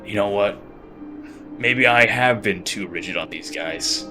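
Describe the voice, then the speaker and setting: Uptight guard sergeant, whiny and teary, guy voicing him bright voice. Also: fairly low pitch, a little slow, soft background music. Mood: flustered. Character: rigid, weepy male city guard sergeant.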